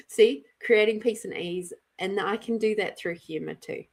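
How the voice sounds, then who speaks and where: A woman's voice: mid-range voice, lively intonation, a little slow. A middle-aged woman from Australia hosting a casual live-stream card reading, chatty and giggly, greeting viewers by name. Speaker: intuitive card reader and live-stream host.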